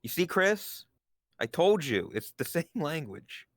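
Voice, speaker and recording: A man's voice: a little high, sing-song, measured pace, fairly bright tone, no room sound, studio quality. A man chatting casually on a stream, joking and teasing his co-host. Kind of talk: casual chat.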